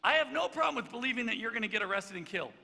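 A man's voice: very high-pitched, lively intonation, very fast, creaky, pushed and bright, long reverb tail, pitched above the performer's own voice, heavily acted. A man voicing a brash, loyal male disciple who protests emphatically. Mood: insistent.

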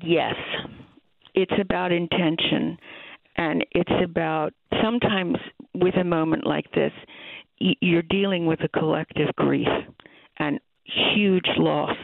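A middle-aged woman speaks in an earnest, reflective way as an interview guest. Her voice carries some gravelly fry. The sound is tinny and phone-like, dry and close, with no room around it. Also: lowish voice, fairly even intonation, takes it slowly, no room sound. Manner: thoughtful, earnest, with restarts. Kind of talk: conversational interview. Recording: phone-like remote line.

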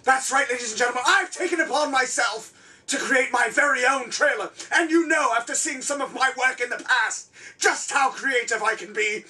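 A man hosting a comedic talk show in a theatrical, flustered, self-important manner, often shouting. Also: extremely high pitch, moderate pace, distant mic. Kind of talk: over-the-top comedic hosting.

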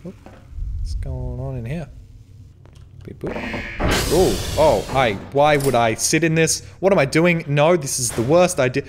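Over a noisy background, a man with a mid-range voice and moderate pace gives gaming commentary as a let's play host. He's profane and jokey through the horror game and yelps when something surprises him.

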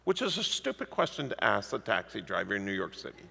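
Male preacher with a gravelly edge, animated storyteller, heard in a reverberant church hall. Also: lowish voice, quick pace, slight background noise. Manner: lively storytelling preacher, animated swings in loudness. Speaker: pastor. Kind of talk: sermon.

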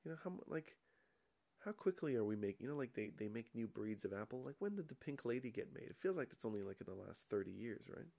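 A man chats as a podcast guest, wandering into absurd asides without cracking. His voice sits at an ordinary middle pitch and his delivery stays loose and rambling. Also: big pitch swings, quick pace, vocal fry, warm tone. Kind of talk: casual chat.

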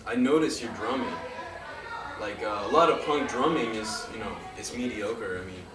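A man's voice: fairly low pitch, normal speed, over music. A man interviewing a band, full of eager, rambling praise. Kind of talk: casual interview. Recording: echoey room from far off, with noise.

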